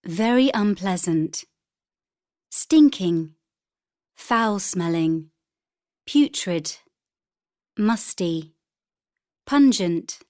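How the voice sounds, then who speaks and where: A woman's voice: medium pitch, lively intonation, dark tone, no room sound. Woman reading in a dry studio. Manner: slow, clear, deliberate reading. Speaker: textbook audio reader. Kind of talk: scripted vocabulary reading.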